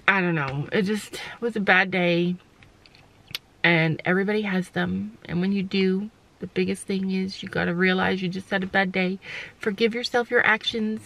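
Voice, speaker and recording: A woman's voice: medium pitch, a bit bright, poor audio. A middle-aged woman vlogging, rambling and sighing as she talks herself through a bad day, critical of herself. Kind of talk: casual vlog confession.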